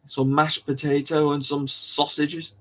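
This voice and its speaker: A man's voice: fairly high pitch, flat delivery, unhurried, fairly bright tone. Rambling, giggly young man streaming. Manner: rambling, chatty, giggles often, self-interrupting. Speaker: live stream host. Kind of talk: casual live-stream chat.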